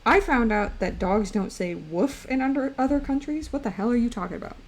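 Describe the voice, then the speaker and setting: A woman's voice: fairly high pitch, lively intonation, a little fast. Playful chatty young woman streamer. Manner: playful, rambling, chatty with chat. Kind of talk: casual live-stream chat while drawing.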